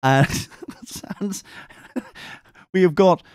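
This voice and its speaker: In a clean, dry studio recording, a male podcast co-host with a high-pitched voice draws out his words as he tells a rowdy story in casual conversation. He's animated and sweary, and his tone is clean as he performs quotes in camp voices.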